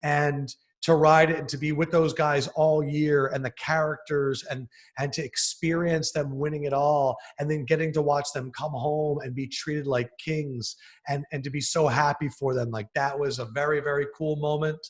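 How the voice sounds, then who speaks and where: Animated male sports host. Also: a little high. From Philadelphia area. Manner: animated storyteller, fast excited bursts. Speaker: sports TV host, podcast guest. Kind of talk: casual podcast interview.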